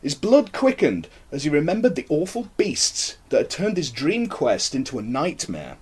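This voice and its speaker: A man reading his own horror-comedy story aloud in an expressive, wry manner. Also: on the high side, moderate pace, husky.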